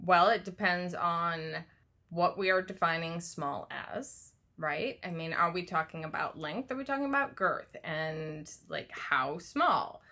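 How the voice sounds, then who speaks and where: A woman's voice: on the low side, lively intonation, unhurried, bright, forceful tone. A woman co-hosting a casual podcast chat who teases boldly and laughs often. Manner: laughing, teasing, bold. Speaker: podcast co-host.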